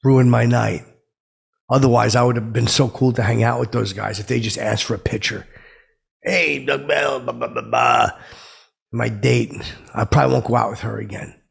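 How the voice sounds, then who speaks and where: Touchy middle-aged blowhard, played by a man; husky, gravelly delivery, rambling and self-serious, medium pitch. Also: steady tone, normal speed. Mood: indignant. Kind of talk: comic character monologue.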